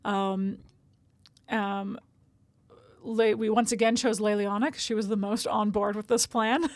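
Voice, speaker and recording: A woman's voice: medium pitch, fairly even intonation, measured pace, pauses often, no echo. A woman streamer chatting casually over a game, rambling and self-deprecating, with lots of fillers.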